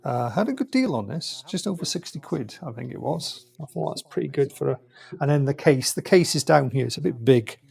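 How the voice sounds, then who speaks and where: A man's voice: mid-range voice, lively intonation, brisk, creaky, darkish tone, breathy edge. A British man streaming live from home, chatting casually and rambling as he shows off parts for a new computer. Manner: rambling, self-correcting, chatty. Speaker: streamer building a PC.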